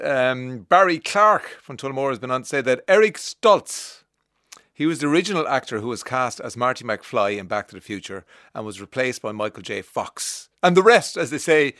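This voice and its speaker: A man's voice: medium pitch, a bit bright, no echo. An Irish man hosting a radio show in a studio, chatting with callers in a teasing way and often restarting his sentences. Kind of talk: casual radio chat. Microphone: studio microphone.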